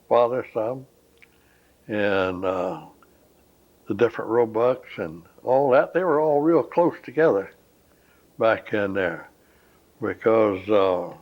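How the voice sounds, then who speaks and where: An older man from Florida, recalling his family history at a slow, rambling pace in an oral history interview. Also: on the low side. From Florida, USA. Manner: slow, rambling, pauses often with "uh". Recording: dull lo-fi recording.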